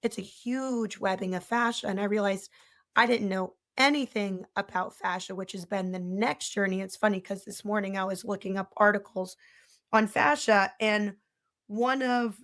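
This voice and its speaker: A woman's voice: medium pitch, steady tone, normal speed, fairly bright tone. A woman dentist speaking as a podcast guest, rambling through technical points and trailing off mid-thought. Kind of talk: conversational interview.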